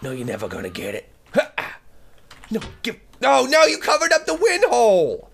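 A young man doing excitable, joking let's play commentary, often shouting and yelping. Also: very high voice, fairly quick, creaky. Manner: excitable, shouts and yelps, jokey. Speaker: gaming commentator.

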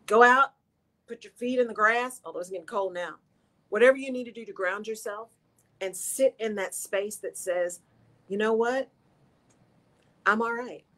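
A woman's voice: mid-range voice, normal speed, a bit bright. A middle-aged woman hosts a radio show, giving an earnest, encouraging motivational talk straight to her listeners.

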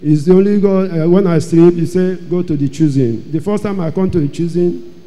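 A man giving an emotional church testimony, telling his story dramatically and repeating phrases, his loudness rising and falling. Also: high-pitched, steady tone, brisk. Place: large church hall. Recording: long hall reverb.

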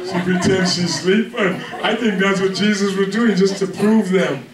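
Male pastor with a high voice, casual humorous preaching, recorded far off in an echoey church with the congregation audible. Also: normal speed, a crowd in the background. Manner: conversational, joking, keeps asking "you with me?". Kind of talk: sermon.

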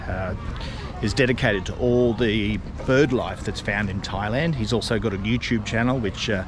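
A middle-aged Australian man narrating a casual walking vlog outdoors, rambling and chatty with lots of fillers and restarts. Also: on the low side. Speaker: travel vlogger. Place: outdoors in a city park. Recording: outdoor street and traffic noise.

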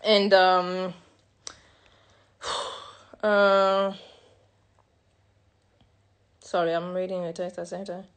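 A young woman from France, a native French speaker talking in English, telling her own story in a halting way, repeating words and correcting herself. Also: lowish voice, little pitch movement, smooth. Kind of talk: personal confessional monologue.

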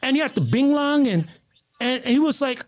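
A man from the United States, a guest on a talk show, telling stories in an excitable, animated way with many restarts. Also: extremely high pitch, normal speed. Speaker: guest, martial artist. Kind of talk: casual conversational storytelling.

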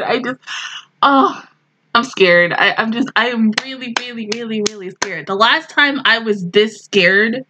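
A woman's voice: on the high side, moderate pace, background noise. A young woman reacting to an anime episode in casual commentary, emotional and exclamatory, often swearing and laughing.

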